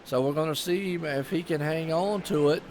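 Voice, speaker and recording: A man's voice: a little high, moderate pace, background noise. A man with a Southern US accent giving casual, rambling live commentary on a sim race and chatting with viewers.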